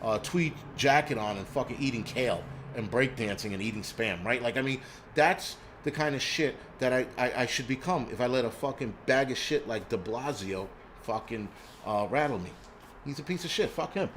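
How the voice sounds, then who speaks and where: Swearing heavily, a New York man hosting a prepping live stream rants in a blunt, angry way, often restarting and stammering. His mid-range voice moves at a moderate pace and has a fairly bright tone, with a little hiss or hum.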